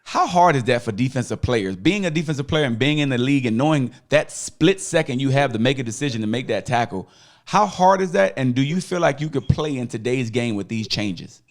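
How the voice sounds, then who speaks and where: A man's voice: mid-range voice, animated, brisk. A male host leads a casual interview in a mid-range voice. He talks loosely in slang and drops playful, hyped-up asides between questions. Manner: playful hype-man quips, street slang. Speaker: podcast host.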